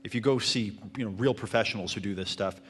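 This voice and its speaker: Low-voiced man teaching a seminar. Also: quick pace, slightly rough. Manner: self-described fairly monotone delivery. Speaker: marketing instructor.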